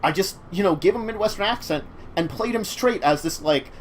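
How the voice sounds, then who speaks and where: A man's voice: high-pitched, expressive, fairly quick, slight background noise. A man hosting a casual chat show about tabletop games, talking in a rambling way. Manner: rambling, many fillers and restarts. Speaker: talk show host.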